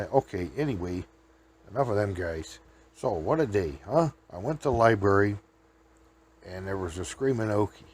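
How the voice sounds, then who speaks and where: A man's voice: lowish voice, a little mellow, a little hiss or hum. A man hosting a show, telling folksy, rambling comic stories and laughing at his own tales. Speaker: host.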